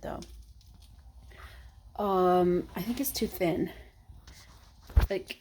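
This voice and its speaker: In a casual cooking vlog, a young woman rambles to the camera as she cooks, chatty and half talking to herself, a bit breathless. Her voice is medium in pitch and slightly mellow.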